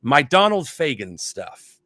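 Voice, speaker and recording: Podcast co-host, male, bright tense tone, dry mic, animated profane chatter. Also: medium pitch, takes it slowly, no echo. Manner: animated, profane, does mocking voices. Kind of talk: casual chat.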